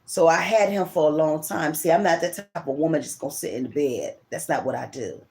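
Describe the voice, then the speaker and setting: This tarot reader and channel host, a middle-aged woman, rambles emotionally through a personal story and often repeats herself. Her deep voice runs a little fast, with vocal fry and a darkish tone.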